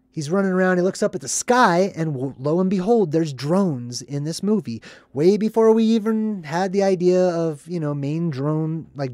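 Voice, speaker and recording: A casual vlogger explains a movie in a loose, rambling way and keeps asking "right?". The voice sits at a middle pitch. The recording is dry and close, with almost no room sound. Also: no echo. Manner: animated, rambling, acts out scenes in put-on voices. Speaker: movie commentary host. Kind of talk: casual movie breakdown commentary.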